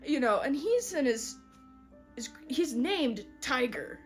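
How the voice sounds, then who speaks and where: A young woman hosting a casual podcast, recapping a story in a giggly, animated way with lots of fillers. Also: sits high, slow pace, faint music behind. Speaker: podcast host.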